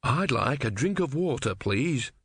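A man's voice: medium pitch, big pitch swings, measured pace, a bit bright, no echo, studio quality, voice pushed up. A man voicing a timid, earnest young novice monk in a storybook reading, with a nervous, hesitant manner.

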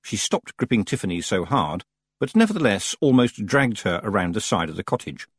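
A man narrating a storybook aloud in an expressive storytelling manner. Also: fairly low pitch, brisk, slightly rough, no echo, studio quality. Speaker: audiobook narrator. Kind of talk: scripted narration.

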